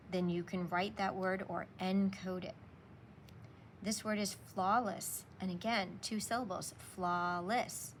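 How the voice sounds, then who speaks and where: A woman's voice: medium pitch, fairly bright tone, slight background noise. A woman teacher walking young children through a spelling lesson, patiently sounding out letters and sounds.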